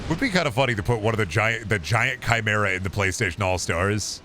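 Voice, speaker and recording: Low-voiced man rambling over a game. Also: animated, fast talker, pushed and bright, a little hiss or hum. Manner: rambling, profane, jokey asides. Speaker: streamer. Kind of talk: casual gameplay commentary.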